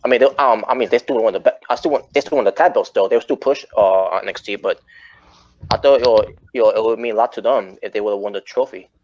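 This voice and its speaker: Low-voiced man rambling on a lo-fi podcast. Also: fast talker, a little mellow. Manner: rambling, self-correcting. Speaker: podcast host. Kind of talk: casual wrestling chat. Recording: muffled lo-fi audio.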